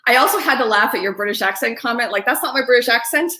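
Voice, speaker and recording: A woman's voice: a little high, animated, fast talker, sharp tone, reverberant. A woman hosting a streamed storytelling show, chatting casually and introducing the next teller. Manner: chatty, many fillers. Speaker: host. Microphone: streamed from home.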